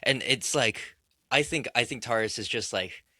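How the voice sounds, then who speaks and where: A man speaking as a guest filmmaker in a casual film discussion, excitable and rambling, with many restarts and fillers. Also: mid-range voice, moderate pace, no echo, clean studio sound.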